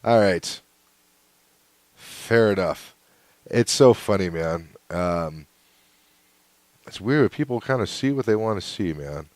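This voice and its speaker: Laid-back low-voiced man, solo podcast. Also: expressive, takes it slowly, pauses often, dry recording. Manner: laid-back and rambling, with frequent fillers and chuckles. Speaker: podcast host. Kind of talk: casual solo podcast, reading hate mail aloud.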